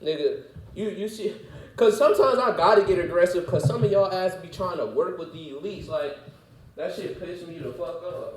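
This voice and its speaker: A man delivering an unscripted, heated, profane monologue rant as a vlogger, repeating himself and swinging between muttering and yelling. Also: sits high, normal speed, slight background noise.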